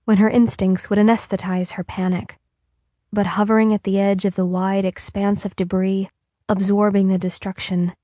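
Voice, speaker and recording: A woman narrating an audiobook in a calm, even reading. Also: medium pitch, no room sound, clean studio sound. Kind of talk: scripted narration.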